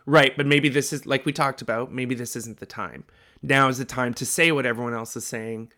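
A man's voice: medium pitch, fairly even intonation, brisk, sharp tone. Man chatting with emphatic restarts. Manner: thinks aloud with restarts, emphatic. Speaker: podcast co-host. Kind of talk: casual chat about marketing.

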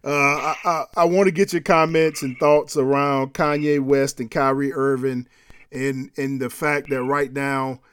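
A man co-hosting a casual sports and culture chat, animated and laughing often, repeating himself as he builds a point. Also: medium pitch, measured pace, clear, resonant tone. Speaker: podcast co-host.

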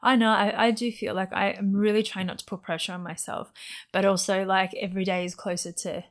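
A woman's voice: medium pitch, flat delivery, brisk. A pregnant woman co-hosting a podcast, talking in an earnest, rambling, emotional way. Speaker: podcast co-host. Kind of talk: casual chat.

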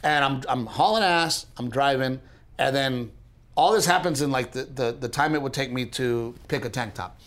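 A man co-hosting a casual podcast, telling a story in an animated way, speeding up when excited and restarting his sentences often. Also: mid-range voice, normal speed, background noise. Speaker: podcast co-host.

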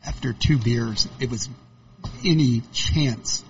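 Gravelly man telling stories. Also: mid-range voice, slow, highs cut off, slight background noise. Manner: anecdotal, laughs while telling stories. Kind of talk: casual interview chat.

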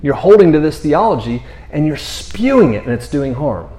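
A man's voice: a little high, sing-song, moderate pace, warm tone. Earnest preaching man in an echoey room. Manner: earnest, rambling, repeats words, often asks "you know what I mean?". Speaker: Bible teacher. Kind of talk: conversational sermon. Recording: roomy echo.

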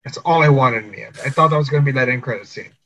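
A man's voice: mid-range voice, very fast, bright, forceful tone, low-quality recording. A man co-hosting a casual movie review chat, earnestly defending the film and swearing casually. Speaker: podcast co-host reviewing a film.

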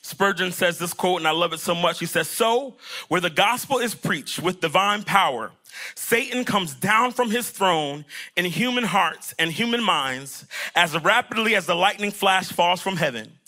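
A young man delivers a lively sermon in a bright, high-pitched voice. His phrasing rises in a sing-song lilt as he builds toward a point, and he acts out little scenes between the biblical figures. The energy is that of a pastor speaking to his congregation. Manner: animated preaching, acts out the disciples and Jesus in quick asides.

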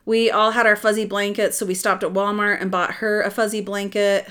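A woman's voice: medium pitch, a little fast, smooth. Chatty middle-aged woman telling a story. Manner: animated, rambling with restarts. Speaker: adoptive mother telling her story. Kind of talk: casual storytelling chat.

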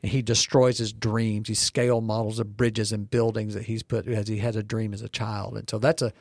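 A man's voice: on the low side, level tone, a little fast, creaky, darkish tone, dry recording, studio quality. A man co-hosting a podcast discussion, telling stories with frequent restarts. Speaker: co-host.

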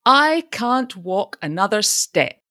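A woman's voice: medium pitch, big pitch swings, slow, bright, forceful tone, no room sound, studio quality, pitched above the performer's own voice, heavily acted. A woman voicing a fretful, absent-minded old father. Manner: querulous, fretful. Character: fussy elderly father, anxious and absent-minded.

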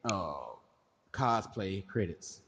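A man's voice: on the low side, extremely slow, long reverb tail, slight background noise. A man co-hosting a podcast, riffing on crude hypotheticals in slangy casual banter. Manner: riffs on absurd hypotheticals, slangy and loud. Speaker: podcast co-host.

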